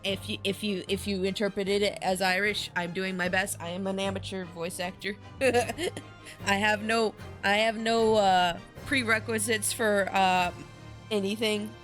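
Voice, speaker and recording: A woman's voice: mid-range voice, fairly even intonation, a little slow, fairly bright tone. A woman streaming a game, chatting in a bubbly, giggly, apologetic way. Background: music.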